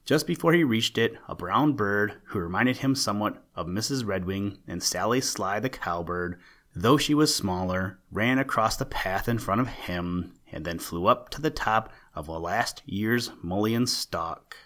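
A man hosting a podcast, reading a children's animal story aloud in a calm, measured way. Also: fairly low pitch.

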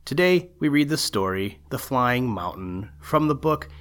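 A man's voice: mid-range voice, very animated, measured pace, fairly bright tone. Friendly man reading a children's story aloud. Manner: friendly, chatty intros.

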